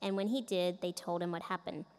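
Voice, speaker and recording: A woman's voice: lowish voice, fairly even intonation, brisk, a little mellow. A middle-aged woman giving a commencement speech, telling a personal story earnestly from a podium microphone in a large indoor arena. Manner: earnest, storytelling with quoted voices. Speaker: commencement speaker. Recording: echoey arena from a distance.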